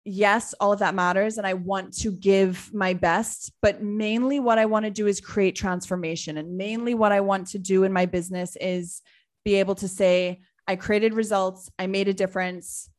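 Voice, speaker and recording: A woman in her thirties from Trinidad, speaking in a thoughtful interview with many pauses as she searches for words. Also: mid-range voice, fairly even intonation. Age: 30s. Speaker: guest, business owner. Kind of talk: reflective interview answer.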